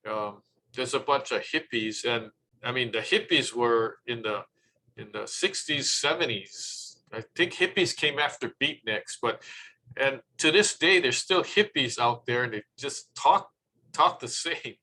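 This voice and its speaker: A man presenting tips on public speaking in a relaxed, chatty way, acting out little quoted remarks. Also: mid-range voice, unhurried, a little hiss or hum, low-quality recording.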